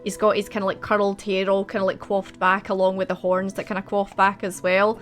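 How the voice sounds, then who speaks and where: A woman's voice: medium pitch, flat delivery, a little fast. A woman narrating as game master in a casual, rambling way full of fillers.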